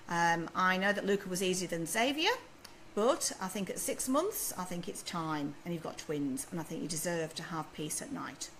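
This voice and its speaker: A woman's voice: mid-range voice, fairly bright tone, slight background noise, rough recording. A woman who works as a baby sleep consultant, answering viewers' questions in a chatty, reassuring way on a live video stream. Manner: reads questions aloud and advises in a chatty, reassuring way.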